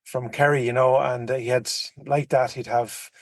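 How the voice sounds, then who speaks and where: A man's voice: mid-range voice, flat delivery, moderate pace, no echo, studio quality. An Irish man on a podcast, telling rambling, profane anecdotes full of restarts in casual chat. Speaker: podcast co-host.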